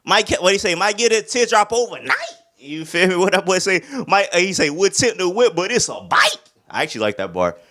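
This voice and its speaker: A young man talks through an album in a loose, casual way, full of slang. His voice sits a bit high for a man and swings widely up and down. He keeps breaking into hummed beats and imitations of rappers. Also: very animated, brisk, bright, forceful tone. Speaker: music reviewer.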